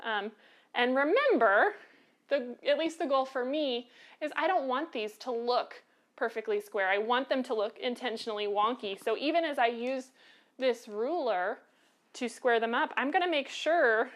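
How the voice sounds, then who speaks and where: A woman's voice: on the high side, normal speed. An American woman hosting a quilting lesson, chatty and encouraging, with frequent filler ums. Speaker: quilting show host. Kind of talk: live online quilting lesson.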